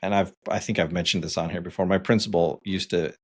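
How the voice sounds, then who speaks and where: A man's voice: low-pitched, steady tone, quick pace, breathy edge. A man in his forties co-hosting a podcast, chatting casually and telling stories with fillers and frequent laughs. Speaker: podcast co-host.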